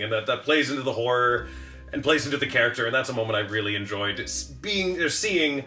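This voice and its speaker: A male game developer talks in a relaxed, hesitant way, thinking aloud as he goes. His tone is bright. The echoey room carries faint music behind him. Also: medium pitch, a little fast. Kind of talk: casual chat.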